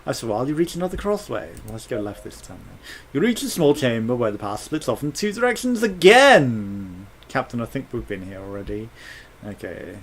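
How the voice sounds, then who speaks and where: A man's voice: mid-range voice, big pitch swings, brisk, fairly bright tone, slight background noise. A British man commentating a space game, reading its text aloud with jokes and swearing. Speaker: let's play host.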